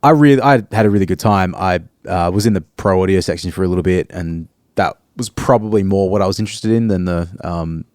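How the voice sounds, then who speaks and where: A man in his thirties with an Australian accent, co-hosting a casual podcast chat in a reserved, halting way with many ums. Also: low-pitched, a little mellow, dry recording, studio quality. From Perth, Australia. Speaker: podcast co-host.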